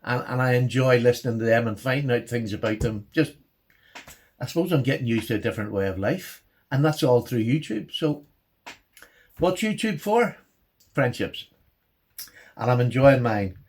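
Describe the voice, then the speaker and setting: Chatty excitable man. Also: medium pitch, normal speed, pauses often. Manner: excitable, chatty, frequent restarts and laughs. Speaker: knife channel host. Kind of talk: casual chat to camera.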